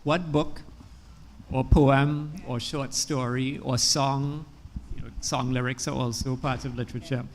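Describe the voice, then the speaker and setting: Guy running a book festival panel, relaxed, faint room hum behind. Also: medium pitch, measured pace. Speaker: panel chair, moderator.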